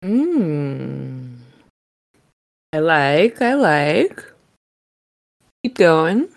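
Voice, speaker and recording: A woman voicing a sassy female bunny showgirl in a tabletop role-play, with a playful, drawn-out way of talking. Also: low voice, very animated, creaky, heavily acted.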